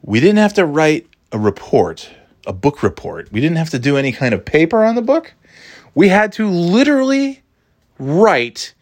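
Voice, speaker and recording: A man in his forties telling a story from his school days in a rambling, profane, self-mocking way. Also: on the high side. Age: 40s. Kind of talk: casual storytelling.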